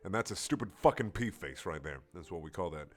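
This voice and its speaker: A sarcastic young man mocks a fan story as he reads, exasperated and crude. His voice is bright, with a lot of pitch movement. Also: animated, fast. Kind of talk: comedic dramatic reading.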